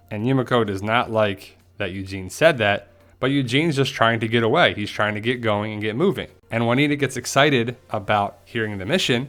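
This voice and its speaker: A TV show commentator with a mid-range voice talks briskly through a casual episode recap and his theories. He's chatty and animated, often acting out the characters' lines as he quotes them.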